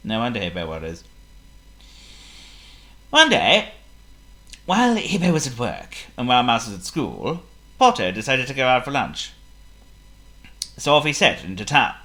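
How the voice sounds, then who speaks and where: A storyteller reading a children's picture book aloud in a lively, theatrical way. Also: medium pitch, normal speed, pauses often. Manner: lively, theatrical, voices every figure.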